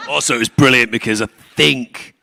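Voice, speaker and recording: A man's voice: mid-range voice, fairly even intonation, fairly quick, vocal fry, bright, forceful tone. A man on a convention panel, chatting casually and telling anecdotes. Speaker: actor on a panel. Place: convention hall stage.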